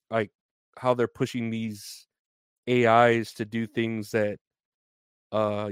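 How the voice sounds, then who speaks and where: A man's voice: lowish voice, clear, resonant tone, dry recording. A man hosting a casual solo podcast, rambling loosely with many fillers and frequent laughs. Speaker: podcast host.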